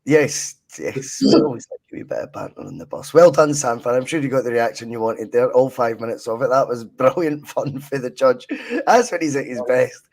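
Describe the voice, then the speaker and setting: A man's voice: medium pitch, brisk, vocal fry, few pauses, darkish tone. A Scottish man hosting a football podcast, easygoing and chatty while reading listener comments. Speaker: podcast host. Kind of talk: casual football podcast chat.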